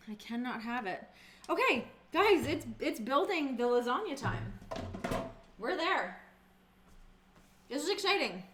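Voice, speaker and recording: A woman talks casually to her viewers as she cooks in her home kitchen. Her voice is bright and crisp, and she chats easily, answering questions from chat and swearing without a second thought. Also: a little high. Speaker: streamer. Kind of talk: casual chat while cooking.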